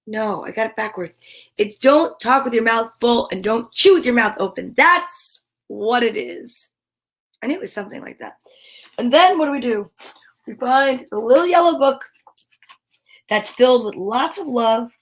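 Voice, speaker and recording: A middle-aged woman hosting a live show for children, bubbly and playful, reading names from the chat and chatting warmly. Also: a little high. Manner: bubbly, playful, sing-song. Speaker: children's livestream host.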